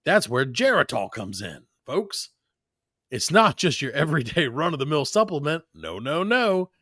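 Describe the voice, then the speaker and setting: A man putting on the voice of an overeager male pitchman, reading a supplement ad in a hammy, salesy way. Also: big pitch swings, normal speed, fairly bright tone, dry recording, studio quality. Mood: hyped.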